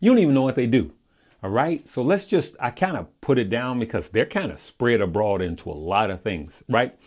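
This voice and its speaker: A man hosting a casual stock market video, chatty, often checking in with listeners with a quick "all right?" and restarting his phrases. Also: medium pitch, animated, a little mellow. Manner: conversational, with frequent restarts.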